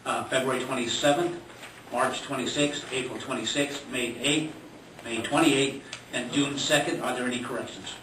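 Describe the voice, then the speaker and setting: A man chairing a public board meeting, relaxed and joking at times. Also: mid-range voice, moderate pace. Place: large government chamber. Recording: echoey chamber, distant mic, hiss.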